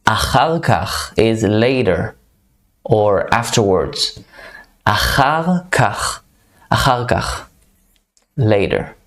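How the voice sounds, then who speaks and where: Slow, patient man teaching words. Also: lowish voice, animated. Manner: slow, repeats each word several times. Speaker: Hebrew teacher. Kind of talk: beginner vocabulary lesson.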